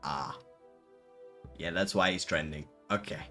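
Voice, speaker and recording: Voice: sits low, unhurried, sharp tone, faint music behind. A VTuber streamer in casual live-stream chat, giggling and rambling while answering chat.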